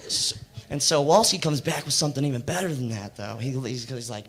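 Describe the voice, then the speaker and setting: Laid-back young American comic, rambling. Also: male voice, mid-range voice, normal speed, pauses often. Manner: laid-back, rambling, deadpan jokes with fillers. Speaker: stand-up comedian. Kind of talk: stand-up set. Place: comedy club stage. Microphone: handheld stage mic. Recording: noisy club recording. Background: audience noise.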